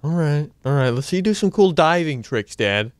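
A man hosting a casual game let's-play, excitable and playful, often bursting into high yelps. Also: moderate pace, smooth, no echo. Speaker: gameplay channel host.

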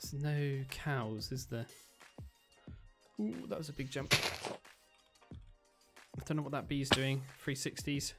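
A man giving chatty let's-play commentary as he plays, thinking aloud with excitable bursts. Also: mid-range voice, slow, pauses often, music in the background. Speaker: gaming video creator.

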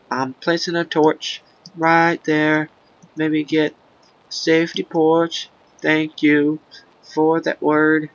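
A man doing casual, rambling video game commentary in a gravelly, goofy put-on voice, breaking into silly sing-song chants. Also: on the high side, a bit bright, lo-fi sound. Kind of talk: casual let's-play commentary.

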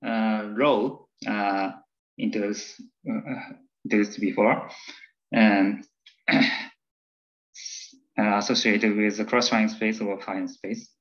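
Man, English speaker, academic lecture, halting, fillers, slow, muffled audio. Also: on the low side, steady tone, a bit bright. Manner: halting, many fillers and restarts. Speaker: presenter of a math talk.

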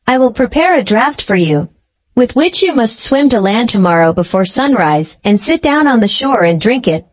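In a storybook reading, a woman gives voice to a cruel, scheming old sea witch, speaking in a cold, deliberate, mocking way. Her pitch sits fairly high and her delivery has a sing-song lilt.

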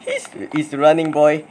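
Excitable young man with lively pitch. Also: a little hiss or hum. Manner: excitable, nervous exclamations, repeats himself. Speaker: gaming video creator. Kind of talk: live gameplay commentary.

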